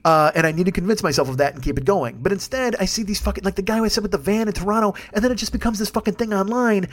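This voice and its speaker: A man's voice: high voice, rapid-fire. A man in his fifties hosting a solo podcast, ranting bluntly and heatedly with constant swearing. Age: 50s. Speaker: podcast host.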